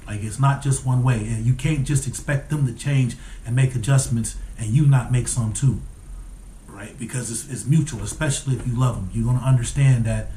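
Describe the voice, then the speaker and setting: A man's voice: mid-range voice, warm tone, reverberant, slight background noise. A man in his forties speaking earnestly in a reflective casual monologue, often repeating words as he searches for the right phrasing. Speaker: vlogger formerly incarcerated, working with parolees.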